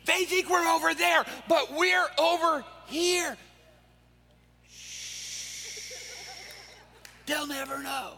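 A man's voice: extremely high pitch, fairly even intonation, very slow, vocal fry, pauses often, pushed and bright, voice pushed up, full character voice. A man voicing a sneaky fish under a boat, whispering and giggling. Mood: scheming.

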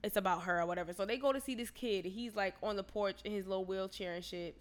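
A woman telling a story in casual chat, profane and animated, often rising to loud indignation. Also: mid-range voice, fast, a little hiss or hum.

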